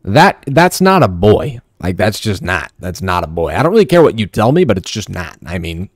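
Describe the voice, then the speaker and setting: A man's voice: sits low, big pitch swings, normal speed, no room sound, studio quality. A young man giving casual, sarcastic gameplay commentary, joking and trash-talking his teammates. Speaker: gaming streamer.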